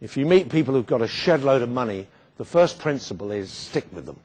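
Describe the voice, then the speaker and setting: A man giving a storytelling speech with wry humour and dramatic pauses. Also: medium pitch, lively intonation, darkish tone. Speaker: guest speaker.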